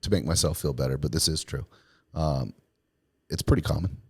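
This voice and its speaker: A man with a very low voice tells a story in an easygoing, rambling way and pads it with lots of "um" and "like". He sounds close to the microphone, with no room echo. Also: fairly quick, creaky, breathy edge. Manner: laid-back, rambling with many fillers. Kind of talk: casual storytelling.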